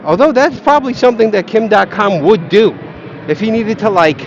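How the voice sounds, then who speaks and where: The vlogger here has a high-pitched voice and talks a little fast as he walks an outdoor path. He rambles through a profane comic rant aimed straight at his viewers, recorded in lo-fi sound with slight hiss or hum.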